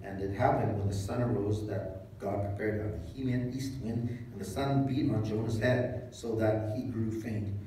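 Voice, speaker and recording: A man preaching a sermon as pastor, retelling scripture in a casual, joking way with animated asides. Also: medium pitch, slight background noise. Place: church hall. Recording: echoey hall, mic at a distance.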